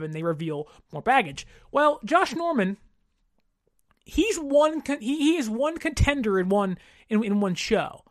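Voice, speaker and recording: A woman in her thirties hosting a sports podcast, ranting in an exasperated, animated way with mocking mimicry. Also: mid-range voice, no echo, studio quality. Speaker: podcast host. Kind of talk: casual sports podcast rant.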